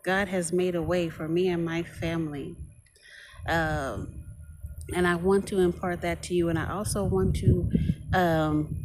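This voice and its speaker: A woman walking in a park, a little out of breath, offering gentle, prayerful blessings to her viewers. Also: fairly low pitch, steady tone, measured pace. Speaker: vlogger. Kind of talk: prayerful outdoor vlog. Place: outdoors in a park. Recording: loud outdoor noise.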